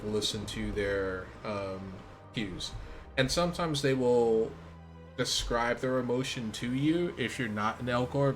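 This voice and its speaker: An American man talks through a game he is playing in a relaxed, chatty way, filling pauses with ums. His voice sits a little low. Faint game music plays behind him. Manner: chatty, many ums, laughs easily. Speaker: let's play gamer. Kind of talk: casual gameplay commentary.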